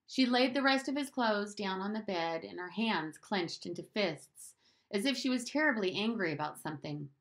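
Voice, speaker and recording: Lively woman storybook narrator. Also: mid-range voice, moderate pace. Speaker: audiobook reader.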